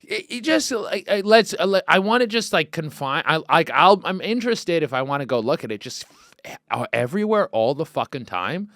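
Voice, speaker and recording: A man hosting a comedy podcast, rambling and swearing freely, with loud excited outbursts. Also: fairly high pitch, a little fast, no room sound. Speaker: podcast host. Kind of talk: casual comedic podcast chat.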